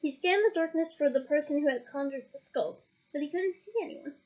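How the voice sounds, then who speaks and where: A woman reading a novel aloud, lively, breaking off now and then for playful comments. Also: sits high, fairly quick, lo-fi sound. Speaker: audiobook reader.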